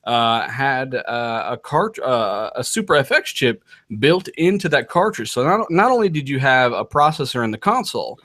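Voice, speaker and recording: A man explaining a point in a measured way in a casual podcast roundtable. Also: medium pitch, very animated, a bit bright, no echo, studio quality.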